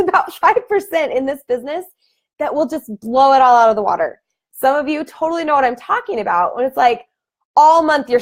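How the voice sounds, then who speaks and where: A woman in her thirties, a fitness team coach, talking casually on a live video call and laughing often, with sudden animated bursts. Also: high-pitched. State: emotional.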